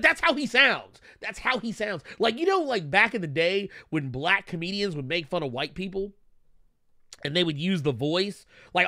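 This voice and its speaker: A man co-hosting a podcast, riffing in profane, animated casual commentary. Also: high voice, no room sound, clean studio sound. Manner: animated, swearing, laughing, mocking voices. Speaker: podcast co-host.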